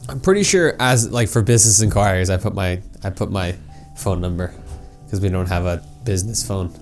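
A young man co-hosting a podcast in casual chat, teasing his friend and mimicking him in squeaky voices. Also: a little fast, a little mellow, faint music behind. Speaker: podcast co-host.

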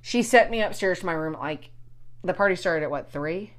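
A woman in her forties with a somewhat low voice talks casually, telling a long personal story. She swears a lot, backtracks mid-sentence and rambles on. The delivery is loose and conversational. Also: animated, brisk.

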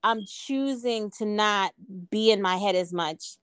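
A woman's voice: medium pitch, a little slow, smooth, no room sound. A woman co-hosting a podcast, talking in a reflective, earnest casual way. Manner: reflective, earnest, many "like" fillers. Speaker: podcast co-host. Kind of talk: casual chat.

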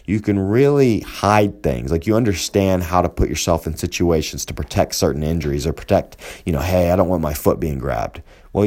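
A man's voice: low-pitched, a little mellow. A man who coaches jiu-jitsu, talking through training advice in a casual, rambling way and acting out quoted exchanges. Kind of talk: casual instructional talk.

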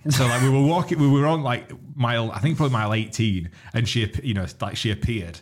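A young man with a Yorkshire accent co-hosting a podcast, telling a story in casual chat, swearing and laughing as he goes. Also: mid-range voice. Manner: rapid, swearing, laughs while telling stories. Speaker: podcast co-host.

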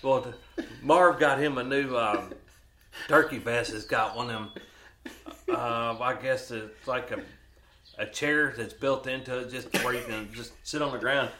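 Male podcast host, mid-pitched, folksy storyteller; roomy recording with a faint hiss. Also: steady tone, sharp tone. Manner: folksy, drawn-out storytelling with restarts. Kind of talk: casual storytelling chat.

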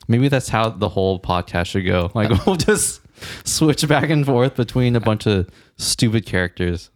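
A man's voice: fairly low pitch, animated, a little slow. Young male podcast co-host, jokey, slips into bits. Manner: joking, jumps into silly voices. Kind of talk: casual chat.

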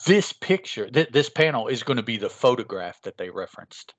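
A man co-hosting a casual podcast, talking in a measured, thoughtful way with halting restarts. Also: medium pitch, sing-song, no room sound. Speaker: podcast co-host. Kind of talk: casual chat.

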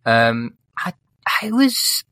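A man's voice: mid-range voice, very animated, drawn-out words, pushed and bright, smooth, no room sound. A man co-hosting a podcast, chatting about films in a wry, teasing way. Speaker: podcast co-host. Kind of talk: casual film chat. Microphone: desk microphone.

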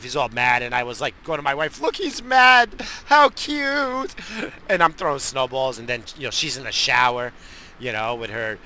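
A middle-aged man from the New York area hosts a podcast, with a gravelly, very bright voice. He rambles through crude, boisterous stories full of profanity. A faint noise sits under the recording. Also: mid-range voice. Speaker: podcast host. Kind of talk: profane casual monologue.

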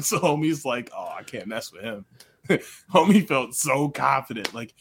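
A young man co-hosting a podcast, telling a long story in loose, casual chat. He laughs a lot and fills his talk with "like" and "you know". His voice sits in an ordinary middle pitch. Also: animated, moderate pace, fairly bright tone, slightly rough. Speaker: podcast co-host; coach.

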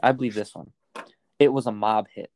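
A man's voice: fairly low pitch, steady tone, fairly quick, crowd noise. A young man co-hosting a casual podcast, reading facts aloud and rambling into stories, with lots of swearing. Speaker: podcast co-host.

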